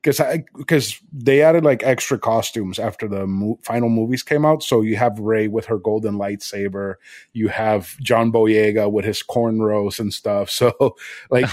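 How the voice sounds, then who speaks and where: Laid-back laughing podcast guest, dry mic. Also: male voice, on the low side, measured pace, darkish tone, no echo. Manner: laughs often, easygoing. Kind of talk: casual chat.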